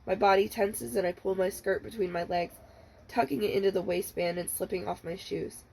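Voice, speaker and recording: A woman librarian reading the first chapter of a novel aloud, in a steady, measured storytelling manner. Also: mid-range voice, vocal fry, slight background noise, rough recording.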